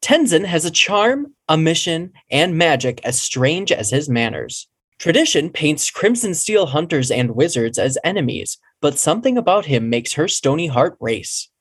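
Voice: mid-range voice, very animated, moderate pace, breathy edge. A reader giving a book's back-cover blurb with a dramatic, enticing delivery. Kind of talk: scripted book blurb reading.

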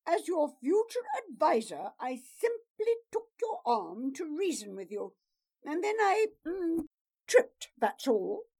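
A woman's voice: sits high, sing-song, takes it slowly, darkish tone, voice pushed up, full character voice. A woman voicing a scheming male courtier who blusters, whines and sneers in a storybook reading. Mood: sneering.

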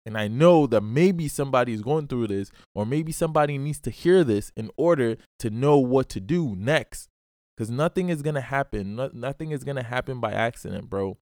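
A man's voice: mid-range voice, lively intonation, normal speed, darkish tone, dry recording, studio quality. A man hosting his own podcast, giving a blunt, profane motivational monologue and repeatedly calling the listener bro. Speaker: podcast host.

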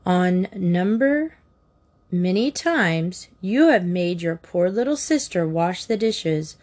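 A bold, headstrong girl who leads her secret club with earnest drama, as a woman reads her lines. The delivery is slow and measured, as in a storybook. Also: on the low side, animated, a little mellow.

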